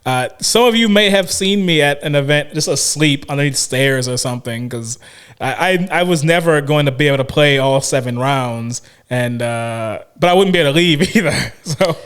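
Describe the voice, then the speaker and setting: A man's voice: a little high, moderate pace, a bit bright, smooth. A man co-hosting a casual podcast chat, rambling with many restarts and fillers. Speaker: podcast co-host.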